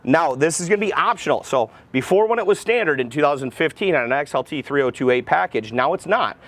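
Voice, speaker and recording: A man with a slightly high voice talks fast and eagerly, like a car salesman walking around a pickup truck. He keeps up a rapid, enthusiastic sales patter, recorded outdoors beside the vehicle. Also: animated, a bit bright. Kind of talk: casual product walkaround.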